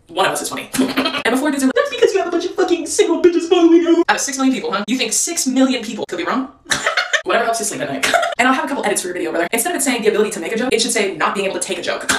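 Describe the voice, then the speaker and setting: Brash, rapid-fire roasting woman. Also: medium pitch, a bit bright, slight background noise. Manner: brash, profane, laughing often. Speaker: content creator. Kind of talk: roasting commentary video.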